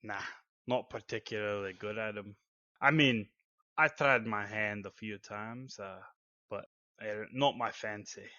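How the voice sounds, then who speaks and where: A man plays his character in a tabletop game with a laid-back, folksy drawl. His voice is bright and forward, but it comes through a dull, lo-fi mic in a dry room with faint music. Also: fairly low pitch, measured pace, no room sound. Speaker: player.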